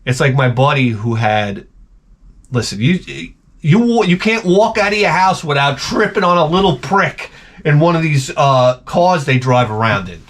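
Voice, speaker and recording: A slightly high, somewhat bright male voice with lively intonation moves at a moderate pace. The speaker, a middle-aged man, hosts a crude comedy vlog where he opens packages, rambles profanely, and uses mock voices for storytelling and jokes.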